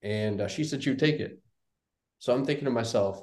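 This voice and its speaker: A young man, there as a guest on an interview show and working in real estate investing, casually relates a story and brings the dialogue to life by acting it out. His pitch is medium, his pace a little fast, and the recording sounds roomy and echoey.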